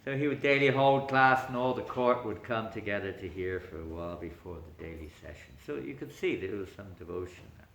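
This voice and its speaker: A man, a spiritual teacher, telling a story in an animated lecture, often chuckling. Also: on the low side, brisk, hardly any pauses. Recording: echoey room.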